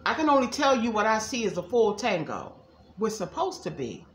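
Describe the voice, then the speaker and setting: A woman's voice: medium pitch, sing-song, normal speed, a bit bright. Woman, psychic reader, folksy chatter, echoey room, faint hiss. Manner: chatty, folksy, addresses viewers as y'all. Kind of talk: casual livestream reading.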